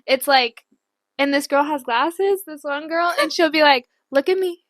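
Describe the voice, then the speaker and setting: A woman's voice: sits high, a little slow, fairly bright tone, no echo. A young woman co-hosting a podcast, chatting casually, giggling often and saying "like" a lot. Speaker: podcast co-host. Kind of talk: casual chat.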